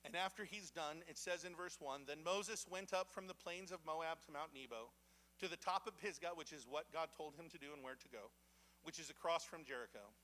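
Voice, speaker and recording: A man's voice: on the high side, a little fast, bright, forceful tone. A young adult man preaching a sermon in a church. He talks in a loose, conversational way and acts out the quotes with dramatic voices. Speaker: pastor. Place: church sanctuary.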